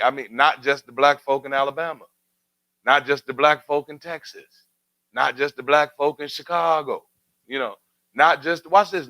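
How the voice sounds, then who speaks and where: A man's voice: fairly high pitch, bright, forceful tone, no echo, low-quality recording. A man hosting a community talk show, speaking in a preacherly way with rhetorical questions and building emphatic refrains. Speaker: radio show host. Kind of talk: community talk radio commentary.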